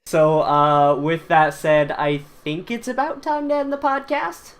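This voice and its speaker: A man's voice: fairly high pitch, unhurried, smooth. A man hosting a casual podcast, rambling with many fillers as he steers the talk. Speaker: podcast host.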